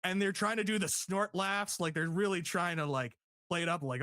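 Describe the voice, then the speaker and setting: A man co-hosting a casual podcast review, laughing often and acting out quotes in higher voices. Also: normal speed, pushed and bright, no room sound, clean studio sound. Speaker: podcast co-host.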